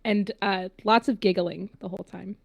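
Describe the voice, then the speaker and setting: A woman's voice: mid-range voice, fairly even intonation, normal speed, gravelly. A woman playing a tabletop game, chatting with plenty of fillers. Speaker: player.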